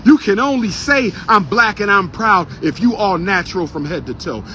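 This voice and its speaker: High-voiced man preaching on the street. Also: lively intonation, brisk, hardly any pauses, sharp tone, slight background noise. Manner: repeats lines for emphasis, preacher-like cadence. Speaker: street speaker. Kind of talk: fiery outdoor speech to a crowd. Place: outdoors on a city street by a historical marker.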